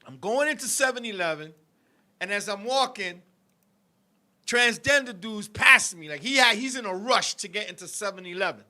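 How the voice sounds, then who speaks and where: High, bright-voiced heated male storyteller. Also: expressive, moderate pace. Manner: heated, profane storytelling, addresses co-host and viewers. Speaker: show host. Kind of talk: live-stream talk show storytelling.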